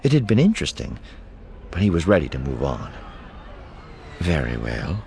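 Audiobook narrator, male, very deep voice with lots of melodic movement, faint background hiss. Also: quick pace, creaky. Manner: expressive storytelling. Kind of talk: scripted narration.

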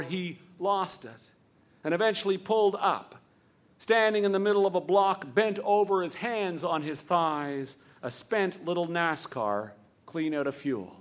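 A man narrating a story in a steady, vivid storytelling manner. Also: high-pitched.

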